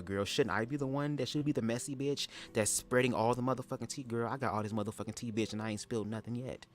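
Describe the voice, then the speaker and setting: A man hosting a casual livestream reaction chat, sassy and profane, telling stories and leaping into high-pitched impressions. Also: a little hiss or hum. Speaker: livestream host.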